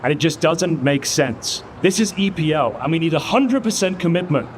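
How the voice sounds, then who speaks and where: Casting note: irritated high-voiced man scolding a teammate, light hum behind. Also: lively intonation, normal speed. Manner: frustrated, casual scolding. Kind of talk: scripted comedy sketch.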